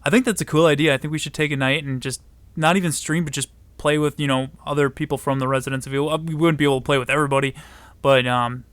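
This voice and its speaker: A man hosting a casual podcast chat, relaxed and chatty, reading out viewer questions. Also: on the high side, quick pace, dry recording. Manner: relaxed, chatty, laughs often. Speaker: podcast host.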